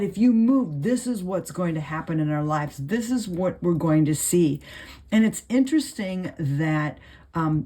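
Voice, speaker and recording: A woman's voice: lowish voice, dark tone. A woman hosting a Bible study channel, reading verses aloud and then explaining them casually, thinking aloud with many fillers as she writes notes.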